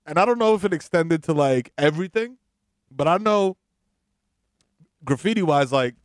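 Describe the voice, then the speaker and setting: Bronx-raised new york dude, high voice, laughs a lot, dry mic. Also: male voice, expressive, moderate pace, clean tone, no room sound. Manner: laughs a lot, chimes in with jokes. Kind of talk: casual comedic chat.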